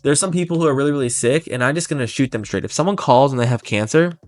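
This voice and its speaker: A man's voice: mid-range voice, dry recording, faint music behind. Blunt, intense male sales coach. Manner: blunt, intense, fast bursts. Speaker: life insurance sales trainer. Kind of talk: motivational sales coaching talk.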